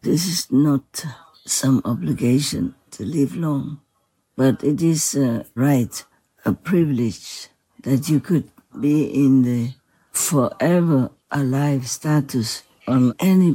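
A benevolent otherworldly king speaks in a slow, formal and reassuring way , as a speaker relays his words. The voice is mellow and unhurried, recorded dry and close. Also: medium pitch, slightly rough, no echo, poor audio. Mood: gracious.

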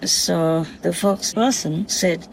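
A soft-spoken vlogger who talks gently and affectionately, as in a spoken diary at night. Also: mid-range voice, slow, vocal fry, a little hiss or hum, poor audio. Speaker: vlogger speaking to a visiting fox spirit. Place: outdoors at night by a forest.

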